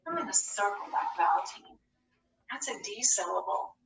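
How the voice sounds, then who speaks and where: A woman gives a phonics lesson to small children, patient as she poses questions and then answers them. She sounds animated, creaky and fairly bright at medium pitch and normal speed, heard off-mic in an echoey classroom with a little hiss or hum.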